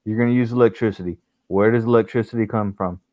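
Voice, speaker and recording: A man's voice: lowish voice, fairly even intonation, quick pace, a little mellow, no room sound. A man calling into a livestream, talking bluntly and crudely and laughing through the banter. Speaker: guest caller. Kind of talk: casual livestream chat. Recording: dry, dull lo-fi call audio.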